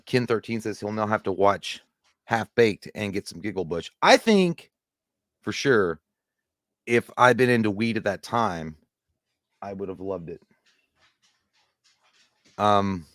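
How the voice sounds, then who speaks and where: Man, lowish voice, rambling livestream chat, swears a lot, dry close mic. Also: normal speed, long pauses, fairly bright tone, dry recording. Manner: rambling, swears casually, laughs often. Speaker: co-host.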